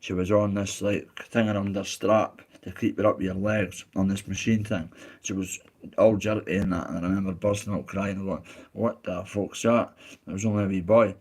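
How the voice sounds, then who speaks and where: A man's voice: low voice, little pitch movement, a little fast, husky. A Scottish man chatting casually on a live stream, reading out chat messages in a blunt, candid way with plenty of swearing and heartfelt asides.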